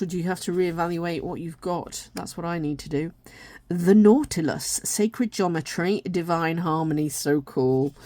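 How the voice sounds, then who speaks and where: A woman walking through an oracle deck in a gentle, rambling way, tired and yawning now and then. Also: lowish voice, no echo. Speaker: tarot and oracle deck reviewer. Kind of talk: casual deck walkthrough.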